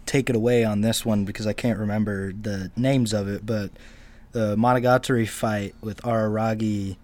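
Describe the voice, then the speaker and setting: Male guest, lowish voice, hesitant chat, faint background hiss. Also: steady tone, moderate pace, a little mellow. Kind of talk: casual chat.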